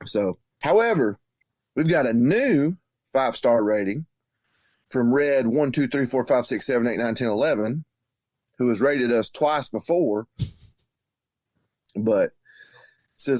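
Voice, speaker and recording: A man's voice: mid-range voice, animated, unhurried, pauses often, a little mellow, no echo. A man co-hosting a podcast in casual banter, teasing and laid-back. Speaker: podcast co-host.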